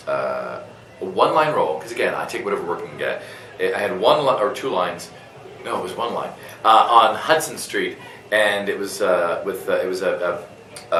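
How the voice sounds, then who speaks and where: Man, voice actor guest, animated storytelling, bright tone, echoey room, distant mic. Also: low-pitched. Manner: animated, many fillers and restarts, laughs. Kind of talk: convention interview storytelling. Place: convention room.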